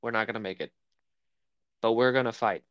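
A man's voice: medium pitch, steady tone, fairly quick, clear, resonant tone, no echo, highs cut off. A man co-hosting a casual film podcast, rambling and searching for words as he talks. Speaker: podcast co-host. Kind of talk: casual chat about film.

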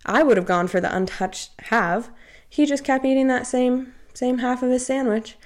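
A woman's voice: sits high, normal speed, darkish tone. A young adult woman co-hosting a podcast, telling a story in casual chat, full of "like" and acted-out quotes. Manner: chatty, heavy use of "like", acts out quoted dialogue. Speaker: podcast co-host.

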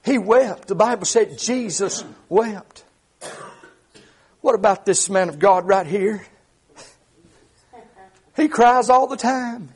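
This is a middle-aged preacher, and his voice sits very high for a man. He delivers a fervent sermon, often starting phrases with "uh" and rising into shouts at the peaks. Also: slow pace, long pauses, slightly rough.

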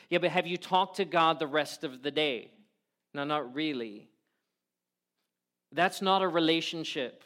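A man preaching a sermon, earnestly quoting prayers and scripture, often dropping suddenly soft. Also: a little high, measured pace, long pauses. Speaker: pastor.

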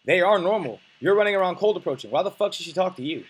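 A man's voice: high-pitched, animated, fast talker, slightly rough. A young man coaching on dating, talking bluntly and casually, with profanity and many restarts.

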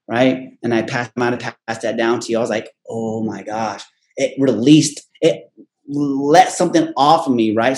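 A man hosting a casual chat, telling a personal story in an animated way and punctuating his sentences with "right?". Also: medium pitch.

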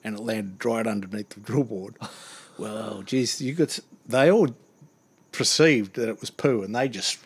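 A man's voice: fairly low pitch, normal speed, breathy edge. A man telling a funny work anecdote in a casual chat, acting out the other voices and laughing often. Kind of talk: casual storytelling.

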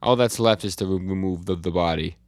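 Low-voiced guy chatting about comics on a podcast, lots of likes and ums, dry sound. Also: quick pace, no echo. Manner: reads out comic dialogue in a flat retelling, with fillers and restarts. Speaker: podcast co-host. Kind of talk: casual chat recapping comics.

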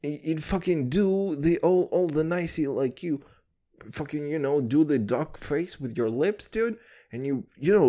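A young man from Kazakhstan, telling a heated story in a casual rant, swearing constantly and calling everyone dude. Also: medium pitch. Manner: heated, animated, laughs at his own story.

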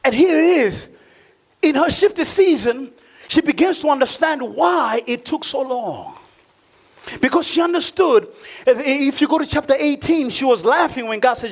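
A man with a very high speaking voice preaches a sermon in an emphatic style. He asks his listeners questions and laughs often between points. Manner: emphatic preaching with sudden drops to a low, joking aside voice. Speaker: pastor.

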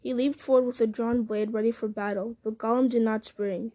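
A woman reading a story aloud at a measured pace, with occasional slips and restarts. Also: on the high side, steady tone, dark tone. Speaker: reader. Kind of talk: audiobook-style story reading.

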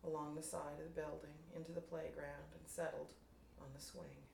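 A woman reading her own fiction aloud to a writers' group, measured and unhurried. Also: low voice, flat delivery, vocal fry, a little mellow. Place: room at a writers' group meeting. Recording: roomy room, distant mic, faint noise.

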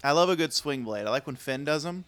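A man's voice: fairly high pitch, lively intonation, fast talker, a bit bright, clean tone, dry recording. A man chatting casually and jokingly while watching, often dropping to a mutter. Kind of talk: casual chat watching wrestling.

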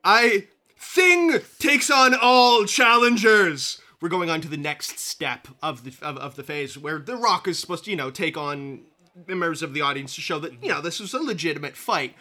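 Bright-voiced male tabletop player. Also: fairly high pitch, expressive, normal speed. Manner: descriptive, casual. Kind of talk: narrating a tabletop game.

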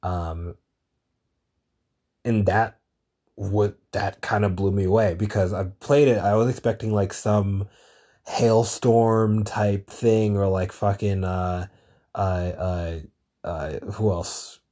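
A man's voice: fairly low pitch, steady tone, slow, warm tone. A man hosting his own show, talking in a meandering, casual monologue full of swearing and searching for words. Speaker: podcast host.

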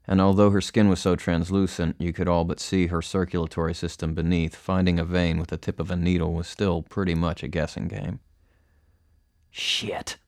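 A man narrates a first-person story in a very deep, level voice. His tone is smooth and clear, and the close recording is completely dry. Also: a little mellow, no room sound. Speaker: audiobook narrator.

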